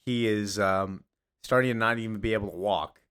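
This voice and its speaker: A man's voice: on the low side, moderate pace, fairly bright tone, smooth. Chatty man recapping a comic book. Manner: chatty and amused, loose with filler words. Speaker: comics video creator.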